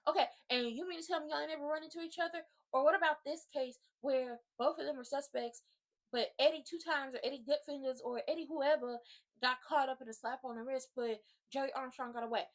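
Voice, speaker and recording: A woman hosting her own video channel, giving a casual, animated recap of a TV drama full of slang and talking straight to her viewers. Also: high-pitched, brisk. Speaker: YouTube host recapping a TV drama.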